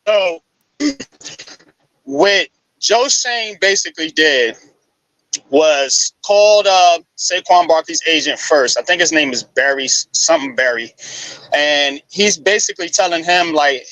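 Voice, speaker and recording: A man breaking down football news on a live sports talk show, casual and animated, with frequent restarts. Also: fairly high pitch, slow, no echo, poor audio.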